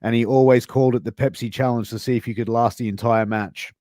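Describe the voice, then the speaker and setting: A man's voice: mid-range voice, fairly even intonation, quick pace, warm tone, dry recording. A man hosting a casual interview, agreeing easily and reading out audience questions. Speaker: podcast host.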